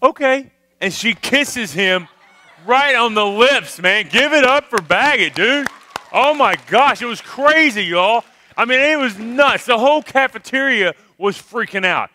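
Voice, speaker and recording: Bright-voiced man telling a camp story. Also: extremely high pitch, a little slow. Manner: animated, tags sentences with "okay? all right?". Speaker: camp speaker, former youth minister. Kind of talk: humorous storytelling to a youth crowd. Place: live youth camp worship service.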